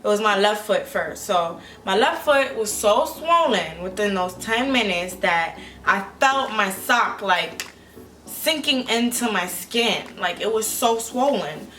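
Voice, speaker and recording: A woman's voice: mid-range voice, slow pace. Rambling young woman telling a story. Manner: rambling, filler-heavy, animated retelling. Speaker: vlogger. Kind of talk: casual storytime.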